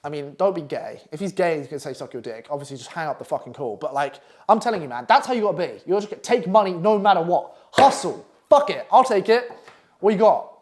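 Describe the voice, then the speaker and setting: This young copywriting coach has a high-pitched voice with lively intonation. He teaches casually in a profane masterclass style, blunt and crude, swearing constantly and slipping into quick asides where he acts out clients.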